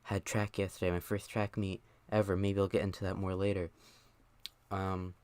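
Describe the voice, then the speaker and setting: A man's voice: deep voice, flat delivery, normal speed, a little mellow, no room sound. Young man rambling on a live stream. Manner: rambling, self-mocking, many fillers. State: out of breath. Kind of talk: casual live stream chat.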